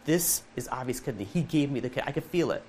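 A man of middle pitch tells a story at an event, lively and conversational, slipping into the characters' voices as he goes. A faint hiss of noise sits under his voice. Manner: animated storyteller, quick asides and acted-out dialogue. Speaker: rabbi telling an inspirational story. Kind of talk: live storytelling talk.

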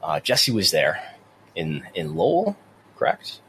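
Deep-voiced man hosting a podcast. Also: wildly swooping pitch, unhurried, a bit bright, slight background noise. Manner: chatty, repeats words when starting sentences. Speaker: podcast co-host. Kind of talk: casual podcast chat.

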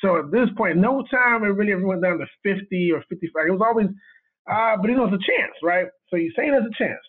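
Animated man telling a story over a tinny line. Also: high-pitched, fast talker, breathy edge. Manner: animated, acts out quoted dialogue, laughs often. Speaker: guest cinematographer. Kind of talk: storytelling in casual chat.

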